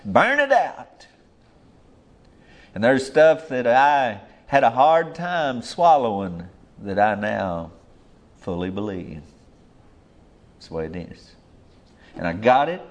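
A man preaching a sermon in a folksy, emphatic way, swinging between loud and hushed lines. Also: medium pitch.

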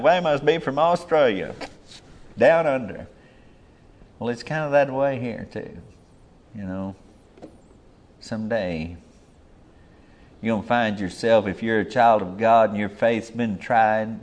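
A man preaching a sermon in a folksy, emphatic way, swinging between loud and hushed lines. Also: mid-range voice.

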